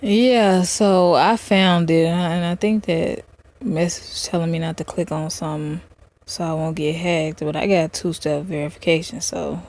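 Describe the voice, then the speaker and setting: A woman's voice: lowish voice, steady tone, moderate pace, darkish tone. A woman vlogger giving blunt, mocking casual reaction commentary.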